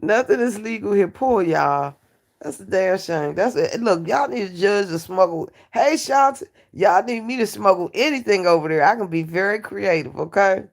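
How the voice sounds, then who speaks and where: A woman hosting a live stream, chatting casually with her viewers in a brassy, joking way, laughing often and dropping from loud outbursts to low asides. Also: animated, moderate pace, creaky. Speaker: livestream host. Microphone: phone or computer mic on a livestream.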